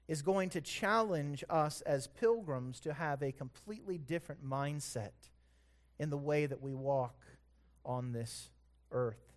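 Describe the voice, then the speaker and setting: A pastor preaching a sermon in a relaxed, conversational way. He corrects himself aloud and lets his storytelling build in intensity. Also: a little high.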